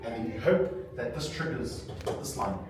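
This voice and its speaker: A hoarse man teaching a language workshop to a group, animated and quizzing his listeners with some humor. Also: medium pitch, a little slow, background noise. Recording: echoey hall, from far off, crowd around.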